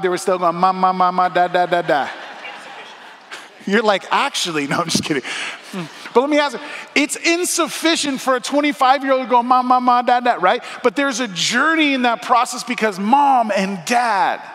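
Emphatic pastor preaching in a reverberant hall. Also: male voice, sits high. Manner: conversational, swings from soft asides to loud emphatic lines. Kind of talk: sermon. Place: church auditorium.

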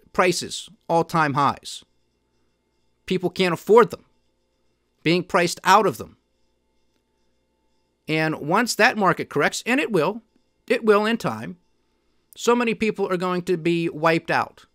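Emphatic, indignant man with high voice. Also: fairly bright tone, no room sound, clean studio sound. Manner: emphatic, indignant, mocking quoted officials. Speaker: podcast host. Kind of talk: solo commentary.

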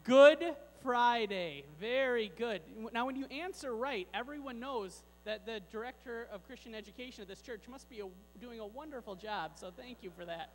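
A man with a very high voice leads a playful children's sermon, joking with the kids and the grown-ups. His voice rings out with a long reverb through a large church sanctuary. A faint mains hum sits underneath. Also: a little fast, hardly any pauses, fairly bright tone.

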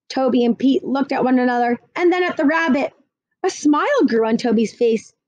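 A woman reads a children's storybook aloud, high and animated, her voice leaping around expressively. The recording is dry and a little dull. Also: normal speed, dry recording. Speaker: reader.

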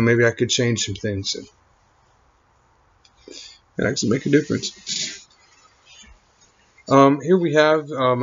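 A man of middle pitch rambles on, halting often and trailing off between thoughts. The recording is dull and lo-fi. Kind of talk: rambling monologue. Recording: muffled lo-fi recording.

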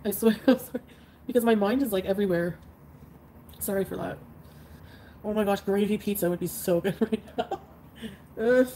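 A woman's voice: medium pitch, normal speed, long pauses, warm tone, a little hiss or hum, low-quality recording. Drowsy, congested woman rambling on a livestream. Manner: rambling with constant fillers and laughs. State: congested and drowsy from flu medicine. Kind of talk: casual livestream chat. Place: bedroom.

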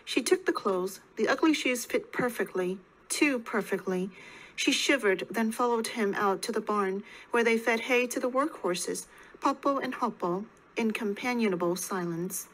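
A woman narrating an audiobook in a calm, even storytelling way. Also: on the high side, moderate pace, rough recording.

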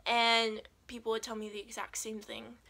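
A young woman telling a personal faith story as a vlogger, earnest and animated, with lots of "like". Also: fairly high pitch, normal speed, vocal fry. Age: young adult. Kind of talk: personal testimony.

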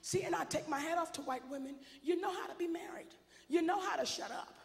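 A woman working a stand-up crowd in a brassy, sassy style, her high voice roughened by gravel. She belts out her punchlines. The sound rings through a large, echoey hall. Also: quick pace. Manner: brassy, bold and sassy, often shouting punchlines. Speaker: stand-up comedian. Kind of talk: stand-up comedy set.

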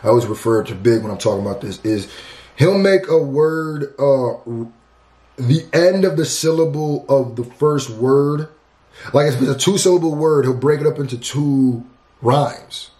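A man hosting a music reaction video, talking in a casual, slangy and animated way as he breaks down rap lyrics. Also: medium pitch, moderate pace, roomy sound. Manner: animated, slangy, loose and talkative.

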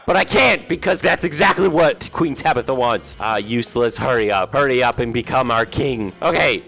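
A young man hosting casual game commentary, jokey and animated, often stammering and restarting his words. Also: mid-range voice, normal speed, vocal fry, few pauses. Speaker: gaming video host. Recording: faint background music.

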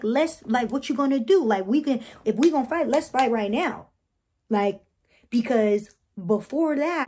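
A woman's voice: mid-range voice, darkish tone. A young woman speaking tells her side of a reality show fight, bluntly and with heavy swearing. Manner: blunt, heated, swears freely, quotes herself and others. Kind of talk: casual talking-head vlog.

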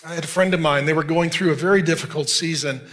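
A man's voice: on the high side, steady tone, quick pace, a bit bright. A middle-aged male pastor preaching a sermon, reading scripture aloud and speaking earnestly and directly to his congregation.

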